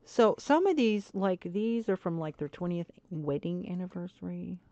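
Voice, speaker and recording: A woman streaming a game and chatting to viewers, swinging between frustrated muttering and excited squeals. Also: lowish voice, moderate pace, no room sound. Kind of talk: casual gameplay chat. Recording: dull lo-fi stream audio.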